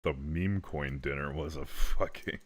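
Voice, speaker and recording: Man, very low voice, rambling, swears a lot, casual stream commentary. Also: a little slow. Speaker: livestream host. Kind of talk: casual commentary while reacting to clips.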